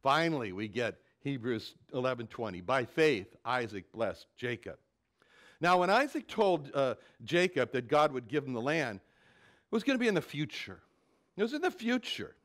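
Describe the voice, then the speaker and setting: Animated man preaching a sermon. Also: mid-range voice, moderate pace. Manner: animated, dramatic swells when quoting scripture; repeats words while thinking. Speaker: pastor. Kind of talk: expository Bible sermon.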